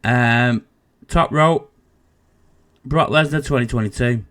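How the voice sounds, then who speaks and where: A man's voice: mid-range voice, slow pace, a bit bright. A man co-hosting a casual wrestling podcast, reading out lists and joking, swearing now and then. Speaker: podcast co-host.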